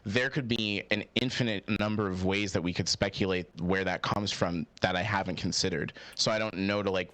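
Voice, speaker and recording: A man's voice: low voice, fairly even intonation, brisk, few pauses, a bit bright, no echo. A man interviewing a guest, questioning him carefully with many fillers and restarts. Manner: hesitant, filler-heavy questioning. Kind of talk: casual debate-style interview.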